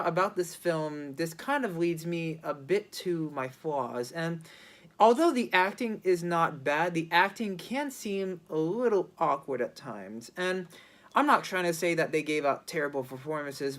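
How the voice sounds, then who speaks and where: An amateur film reviewer speaking off the cuff at an ordinary mid pitch. The delivery is hesitant, full of restarts and "you know" fillers as each thought is worked out aloud. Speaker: movie reviewer. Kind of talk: casual spoken movie review.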